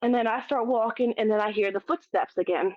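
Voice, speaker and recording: A woman guest telling a story in a casual, animated way, laughing often and restarting sentences. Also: on the high side, a little fast, no echo. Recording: dull, dry lo-fi audio.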